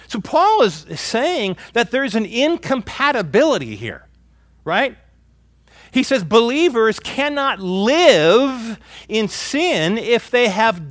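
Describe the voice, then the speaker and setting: A male pastor delivers a sermon in a high, very animated voice that swoops up and down. He speaks slowly and emphatically, often pausing to check in with his listeners. The sound is dry and close. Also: no room sound. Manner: emphatic preaching, with many rhetorical "right?" and "okay?" checks.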